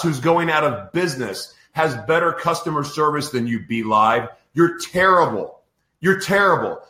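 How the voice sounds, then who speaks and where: A man's voice: on the high side, pushed and bright, roomy sound. A man hosting a podcast in a casual live-stream chat, exasperated and ranting over technical trouble. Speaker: podcast host.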